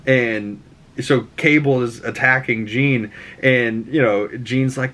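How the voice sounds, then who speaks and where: A man's voice: mid-range voice, fairly even intonation, slow pace, a bit bright. A man with a Boston accent hosting a podcast, recapping an episode casually, rambling, swearing and acting out characters' lines. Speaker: podcast host.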